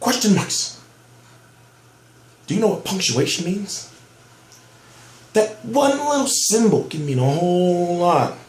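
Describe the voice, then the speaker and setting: A man's voice: sits high, sing-song, takes it slowly, long pauses, a little mellow, echoey room, a little hiss or hum. A man giving heated, profane commentary on boxing news in a ranting vlog, amped up and emphatic. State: amped up on soda.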